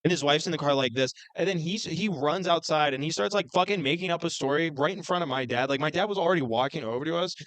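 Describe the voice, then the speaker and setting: A young man hosting a podcast, telling a story in an animated, profane rant. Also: a little high, fast, hardly any pauses, dry recording. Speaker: podcast host. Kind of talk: casual storytelling chat.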